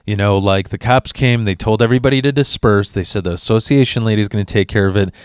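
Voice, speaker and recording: A man's voice: fairly low pitch, quick pace, clean tone, no echo, clean studio sound. A young man telling a storytime rant to camera, swearing heavily and stumbling over restarts as he acts out what others said. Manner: profane and animated, acting out quotes; restless stammers and restarts. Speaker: vlogger.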